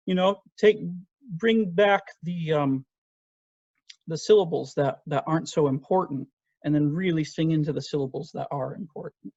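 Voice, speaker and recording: A man's voice: on the high side, moderate pace, darkish tone, no echo. A man teaching an online voice lesson, patiently explaining technique and singing short phrases to demonstrate. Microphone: video call. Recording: dull, lo-fi video call audio.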